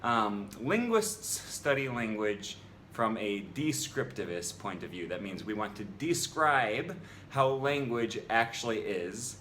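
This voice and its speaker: A man's voice: fairly low pitch, lively intonation, takes it slowly, fairly bright tone, a little hiss or hum. A man making a rebuttal in a vlog about language, argumentative and exasperated, with frequent ums. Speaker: language vlogger.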